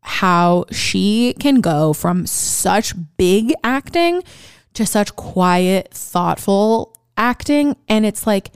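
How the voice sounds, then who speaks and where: Woman co-host, lowish voice, dry close sound, chatty and blunt with casual swearing. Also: smooth, dry recording. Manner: frank and animated, swears casually, trails off with fillers. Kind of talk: casual film discussion.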